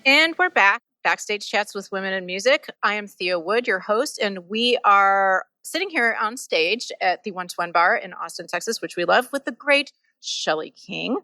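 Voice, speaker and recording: A woman's voice: mid-range voice, lively intonation, normal speed, few pauses, pushed and bright, no echo. A woman hosting an interview podcast in an upbeat, playful manner, on stage at a bar. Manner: upbeat, playful, reads sponsor spots. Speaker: podcast host.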